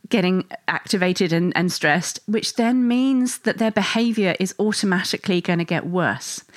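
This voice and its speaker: A mother speaking to listeners about parenting stress in a gentle, reassuring, conversational way. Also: mid-range voice, no echo. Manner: gentle and reassuring, acts out stressed inner thoughts. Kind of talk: reflective talk to listeners.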